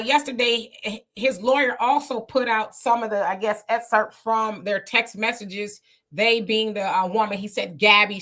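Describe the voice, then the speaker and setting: A woman's voice: a little high, fairly bright tone. A woman hosting a live stream, giving chatty, opinionated commentary and laughing often. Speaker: livestream host.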